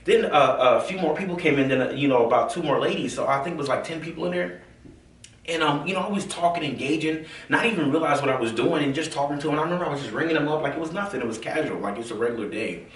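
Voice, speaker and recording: A man from the American South telling his own story in a casual, animated way, full of fillers and acted-out quotes. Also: fairly high pitch, fast talker. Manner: animated, acts out quoted voices, many fillers. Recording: roomy, from a distance.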